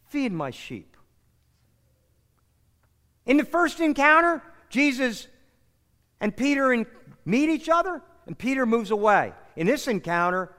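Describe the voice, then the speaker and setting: A man preaching a sermon, animated, acting out the lines he quotes. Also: very high-pitched. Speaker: pastor. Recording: hall reverb.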